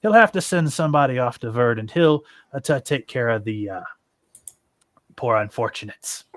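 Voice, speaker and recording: A man voicing a hesitant village official who hires adventurers, halting with many fillers. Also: medium pitch, lively intonation, fairly bright tone, dry recording, lightly acted. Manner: hesitant, full of uh and um.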